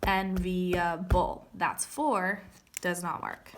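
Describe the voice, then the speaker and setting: A woman's voice: medium pitch, measured pace, noisy background. A young woman teaching a recorded grammar lesson, patiently explaining step by step and checking in with "okay?".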